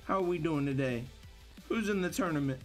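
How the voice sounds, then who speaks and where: A man's voice: a little high, a little fast, faint music behind. A young man hosting a live gaming stream, chatting casually with viewers, upbeat and hyped, repeating himself and apologizing often. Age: young adult. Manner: upbeat and hyped, greets chat by name, repeats phrases, apologetic. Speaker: livestreamer hosting viewer tournaments.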